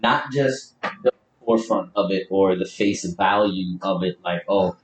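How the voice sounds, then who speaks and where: A man's voice: low voice, unhurried. Brief: male podcast co-host, blunt and profane banter, distant mic, roomy echo. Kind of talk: casual podcast chat. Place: room with a live video stream. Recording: echoey room, mic at a distance, faint hiss.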